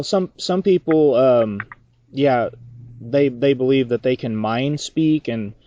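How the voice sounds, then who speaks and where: Interviewer, man, mellow voice, halting delivery, dry and slightly dull sound. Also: mid-range voice, no room sound. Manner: halting, many fillers. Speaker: podcast interviewer. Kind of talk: interview questions.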